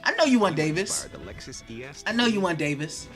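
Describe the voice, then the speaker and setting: Hyped man with a high, bright voice. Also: very animated, moderate pace, soft background music. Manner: hyped, restless and chatty, reading viewer comments aloud. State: nervous and excited. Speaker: live stream host. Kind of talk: live draft watch party reaction.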